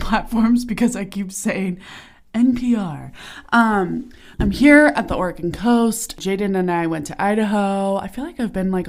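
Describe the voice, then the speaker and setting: A young woman hosting her own podcast in casual, bubbly chat full of fillers and giggles, recorded in a small sauna. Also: mid-range voice. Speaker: podcast host. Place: small turned-off home sauna. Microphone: podcasting equipment while lying on her stomach.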